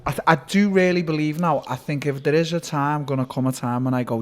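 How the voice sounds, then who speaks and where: A man, speaking as a guest in a casual sit-down interview, telling stories in a rapid, animated way with lots of swearing and restarts. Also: fairly high pitch, background noise. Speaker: interviewee, fighter.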